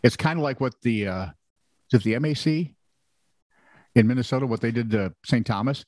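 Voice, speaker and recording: A man's voice: mid-range voice, brisk, pauses often, darkish tone, no room sound. A man co-hosting a casual comedic news podcast, reading odd stories and adding sarcastic jokes. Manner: wry, sarcastic joking. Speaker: podcast co-host.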